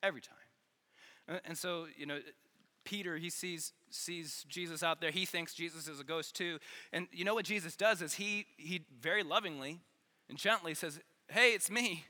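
A man preaching an earnest, energetic youth sermon, repeating phrases for emphasis, in a large church hall. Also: a little high, moderate pace. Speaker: youth pastor. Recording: long hall reverb.

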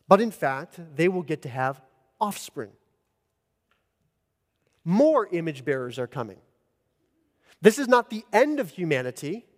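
A man preaching an earnest expository sermon as pastor, rising in emphasis at key points. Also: on the high side. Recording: long church reverb.

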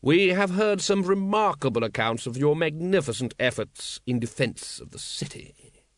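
A man voicing a cool, aristocratic male city ruler who speaks slowly with a smooth, polite drawl. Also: fairly high pitch, lively intonation, dry recording, voice pushed up, close to an everyday voice.

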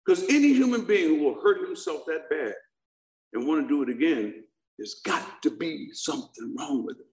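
Telling a comic account of his own recovery, this middle-aged man jokes with a live audience and asks them questions. He has a fairly high pitch with a somewhat dark tone, lively intonation, and a moderate pace, all captured in an echoey room.

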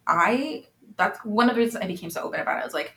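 A young woman hosting a podcast, speaking openly and confessionally, quick to laugh and get emotional. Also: mid-range voice, expressive, a bit bright, echoey room. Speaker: podcast host. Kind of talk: candid conversation.

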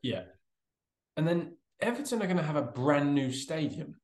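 A man's voice: a little high, sing-song, normal speed, roomy sound. A man co-hosting a casual podcast, dry and sarcastic, swearing casually and reasoning aloud through quiz answers. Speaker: podcast co-host. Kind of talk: casual chat.

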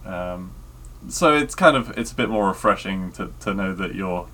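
A man co-hosting a podcast in easygoing casual chat, often halting to find his words. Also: sits low, lively intonation, a bit bright. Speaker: podcast co-host.

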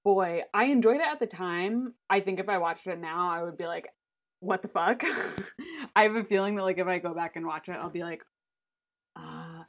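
Podcast co-host, woman, chatty and blunt, swears, fairly low voice. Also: a little fast. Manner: animated, swears freely, laughs often. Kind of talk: casual chat.

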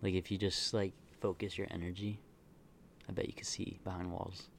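A man's voice: deep voice, level tone, normal speed, gravelly, slight background noise. A man chatting casually as a podcast co-host, speculating playfully and now and then dropping to a whisper. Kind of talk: casual chat.

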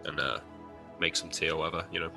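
A man's voice: a bass voice, fairly even intonation, fast, gravelly, sharp tone, faint music behind. A man playing in a tabletop role-playing game, talking hesitantly and casually about his character's actions. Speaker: player.

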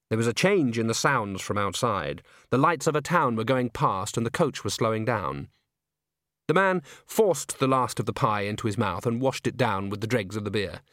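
A man narrating an audiobook in an expressive storytelling manner. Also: fairly low pitch, moderate pace, no echo, clean studio sound. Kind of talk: scripted narration.

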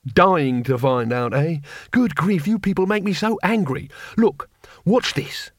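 A man's voice: a little high, lively intonation, no room sound, studio quality, pitched above the performer's own voice. A man reading an audiobook, voicing a nervous, sardonic male wizard who argues in an exasperated, needling way. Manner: exasperated, needling, quick to flee. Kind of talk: audiobook character voice.

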